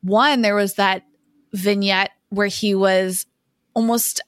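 A woman co-hosting a podcast, talking in a measured, thoughtful way in casual conversation. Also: medium pitch, fairly even intonation, dry recording, studio quality. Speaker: podcast co-host.

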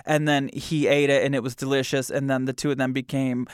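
A man's voice: mid-range voice, level tone, brisk, clear, resonant tone, dry recording, clean studio sound. A man hosting a podcast, chatting casually with amused asides and reading out a news item. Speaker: podcast host.

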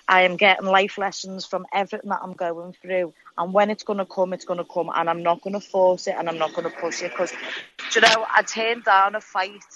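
A woman's voice: lowish voice, a bit bright, no room sound, highs cut off. A young woman with a Scouse accent, a fighter, chatting freely in an interview and swearing often. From Liverpool, England. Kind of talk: casual interview.

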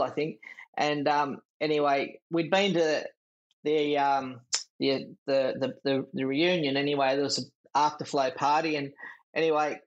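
A middle-aged Australian man, a former jockey, telling rambling stories with laughs in a casual interview. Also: on the high side. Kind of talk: casual chat.

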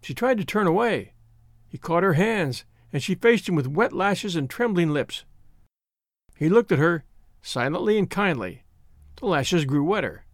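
A man reading a novel aloud as narrator, dramatic and expressive. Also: sits high, measured pace, no room sound, studio quality. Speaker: audiobook narrator.

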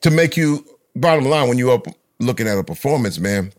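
A man's voice: medium pitch, lively intonation, brisk, no room sound, clean studio sound. A middle-aged man, a veteran rapper as guest, talking in an emphatic storytelling way with many restarts. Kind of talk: casual conversation.

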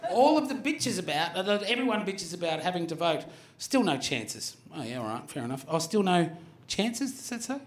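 A man hosting a live comedy show, animated and full of swearing. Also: sits high, moderate pace, roomy sound. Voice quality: profane, animated. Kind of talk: live comedy panel banter. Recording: audience laughter throughout. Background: live audience laughter.

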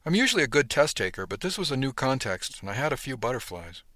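A man giving scripted first-person narration of a novel in a steady storytelling manner. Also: medium pitch, fast talker, dry recording, studio quality. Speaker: audiobook narrator.

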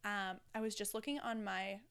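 A woman's voice: mid-range voice, fairly even intonation, moderate pace, fairly bright tone, smooth. A woman hosting her podcast in a chatty, rambling, candid way, with casual swearing. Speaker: podcast host. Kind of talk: casual solo podcast chat.

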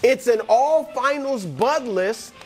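Animated man hyping players on a sports show. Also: very high-pitched, takes it slowly. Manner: animated, hyped motivational delivery addressed to players. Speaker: co-host. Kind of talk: sports talk show segment.

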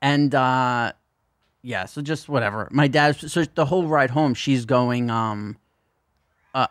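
Man, podcast co-host, casual rambling storyteller, swears often, mid-pitched, dry studio sound. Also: fast, no room sound. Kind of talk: casual chat.

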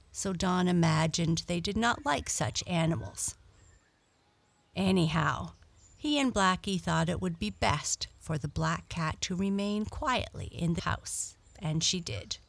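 A woman reading a children's book aloud in a slow, gentle, steady storytelling manner. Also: on the low side, gravelly, no room sound.

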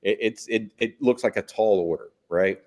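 A man hosting a sports talk show, asking questions in a relaxed, conversational way and often checking in with "right?". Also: fairly low pitch, normal speed. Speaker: host.

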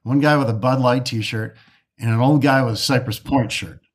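A man's voice: medium pitch, normal speed, slightly rough. A man from the Detroit area, a golf course architect, telling stories in a casual interview, often restarting and acting out quoted dialogue.

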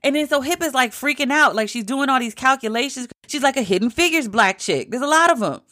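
A woman's voice: sits high, animated, fast, pushed and bright. A woman recapping a TV show in casual, emphatic talk, with some swearing. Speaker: TV show reviewer.

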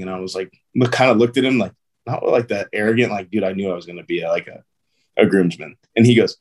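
A man's voice: deep voice, fairly quick, darkish tone. A man, a pro baseball player, telling stories as a guest in a casual interview, loose and chatty with lots of "um", "like" and "dude".

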